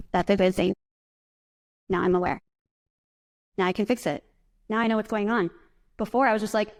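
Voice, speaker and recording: A woman's voice: mid-range voice, fairly even intonation, brisk, pauses often, a little mellow. Woman speaker, chatty and upbeat, motivational conference talk with audience exercises. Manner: chatty, upbeat, filler "like", guides breathing exercises. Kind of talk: casual talk to a live audience. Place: conference presentation.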